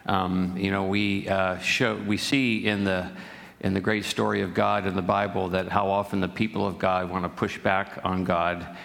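Pastor preaching in an echoing church hall. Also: male voice, sits low, little pitch movement, gravelly, fairly bright tone. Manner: folksy, joke-telling, halting with fillers. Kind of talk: sermon. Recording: reverberant hall.

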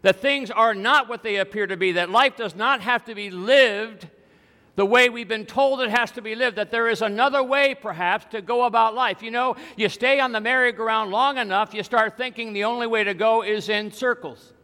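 A pastor preaching an Easter sermon, telling stories and asking rhetorical questions. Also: male voice, high-pitched, normal speed, pushed and bright. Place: church sanctuary. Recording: long reverb of a church hall.

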